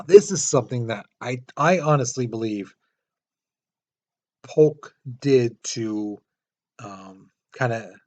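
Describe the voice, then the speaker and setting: A man's voice: mid-range voice, darkish tone, muffled recording. A man teaching a history lesson in a casual, explanatory way, pointing to a map with many fillers. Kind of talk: classroom lecture.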